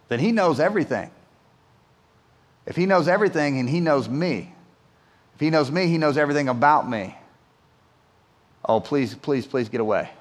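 A man's voice: on the high side, pitched below the performer's own voice, close to an everyday voice. A man voicing a blunt, weary male fisherman who talks back, then pleads in fear. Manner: drawling talk-back, then anxious pleading. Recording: long hall reverb.

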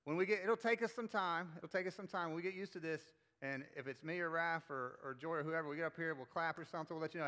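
A man's voice: a little high, quick pace, hardly any pauses, bright, forceful tone. A man who is a pastor, giving a casual, playful sermon to his congregation and leading them in call-and-response. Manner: conversational, playful, leads crowd call-and-response. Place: church auditorium with congregation.

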